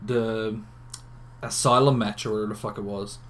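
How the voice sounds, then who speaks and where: A man's voice: lowish voice, steady tone, normal speed, fairly bright tone. Blunt Newfoundland man, casual podcast chat. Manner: blunt, opinionated, swears freely. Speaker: podcast co-host.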